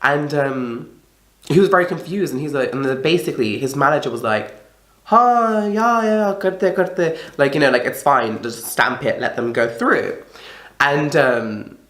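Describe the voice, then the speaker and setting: A woman's voice: very deep voice, moderate pace, fairly bright tone. A young woman telling a story in a casual, chatty vlog, swearing often and acting out the people she quotes. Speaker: vlogger. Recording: echoey room.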